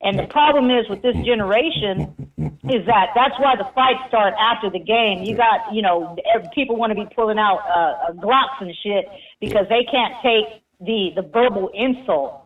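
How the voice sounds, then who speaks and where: A woman's voice: medium pitch, normal speed. Fired-up Houston woman caller on a phone line. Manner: fired up, profane, emphatic, ranting.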